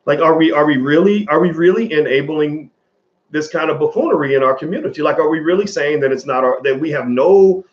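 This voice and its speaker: A man in his forties talks straight to his viewers in a loose, rambling commentary, swearing freely. His voice sits a little high and swings widely in pitch. The recording is dull and lo-fi. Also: lively intonation, fairly quick. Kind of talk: casual commentary to camera.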